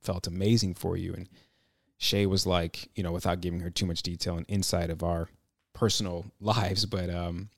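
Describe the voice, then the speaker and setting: A man telling a personal story in a reflective, halting way, with many restarts. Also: low-pitched, little pitch movement, gravelly, fairly bright tone, dry recording, clean studio sound.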